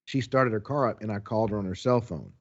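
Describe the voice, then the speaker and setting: A man casually telling a story as a podcast co-host, animated, acting out the quotes. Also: lowish voice, breathy edge, highs cut off.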